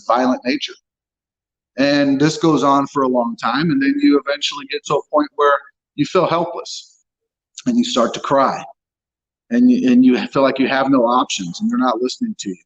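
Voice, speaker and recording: A man of ordinary pitch tells his story as an interview guest, blunt and unfiltered, with curse words slipping in as plainly as any other word. The audio is dull and lo-fi. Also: animated, fairly quick. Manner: blunt, swears freely, frank storytelling. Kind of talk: candid personal account.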